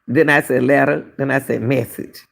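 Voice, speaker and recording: A woman's voice: rumbling low, fairly even intonation, moderate pace, gravelly. A middle-aged woman hosting a casual commentary show, emphatic and repetitive, firing off rhetorical questions. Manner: emphatic, repeats phrases, fires rhetorical questions. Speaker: commentary channel host. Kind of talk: casual commentary on a missing-person case.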